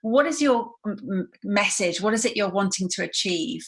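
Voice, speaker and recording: A woman's voice: medium pitch, lively intonation, normal speed, fairly bright tone. A woman hosting a podcast interview, asking questions and affirming her guest in an encouraging way. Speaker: podcast host. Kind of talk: interview conversation.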